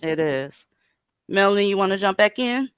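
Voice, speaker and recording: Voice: medium pitch, lively intonation, normal speed, fairly bright tone, clean tone, no echo. A blunt livestream host runs a casual call-in chat and drops sarcastic remarks between callers. The sound is dry and close, with a mid-range voice.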